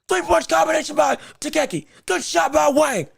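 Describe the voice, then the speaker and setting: High, gravelly man yelling fight commentary. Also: moderate pace, hardly any pauses, no echo, studio quality. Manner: shouts encouragement at fighters, excitable and emphatic. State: straining his voice. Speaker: podcast host. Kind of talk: live fight watch-along commentary.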